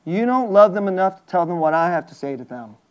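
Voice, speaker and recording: A male preacher putting on the voice of God quietly chiding him. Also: sits high, lively intonation, fast, dull audio. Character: stern God rebuking a preacher.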